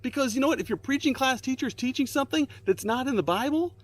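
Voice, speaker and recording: A man's voice: animated, fast. A man giving a casual devotional talk as a ministry speaker, telling a story earnestly with restarts and fillers and pressing his points with emphasis. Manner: emphatic, rising to urgent high points.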